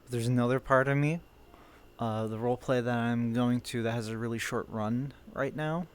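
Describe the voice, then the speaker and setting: A man's voice: medium pitch, fairly even intonation, normal speed, clean tone. A man streaming a roleplay game, chatting casually and swearing freely. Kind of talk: casual chat between roleplay scenes.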